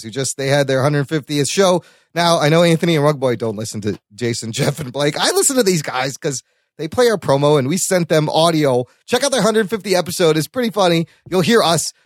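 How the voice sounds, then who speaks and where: A man co-hosts a casual podcast in a noticeably high voice. He talks in a chatty, animated way, laughing often and swearing casually. The recording is close and dry, with no room sound. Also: dry recording. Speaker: podcast co-host.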